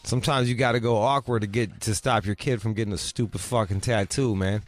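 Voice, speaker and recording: Faint music plays behind a middle-aged podcast co-host whose voice is fairly low and fairly even in intonation. He talks a little fast in a blunt, profane chat, swearing a lot and imitating people in his stories.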